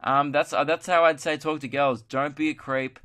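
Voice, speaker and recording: A man's voice: on the high side, fairly even intonation, moderate pace, a bit bright. Rambling young man, podcast host. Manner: rambling, joking, self-mocking. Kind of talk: casual solo podcast chat.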